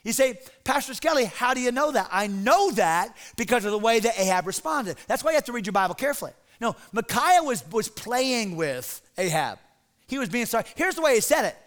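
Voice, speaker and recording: A male pastor preaches with lively drama and a conversational touch. His voice sits very high for a man and rings bright and forceful. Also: a little fast. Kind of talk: sermon.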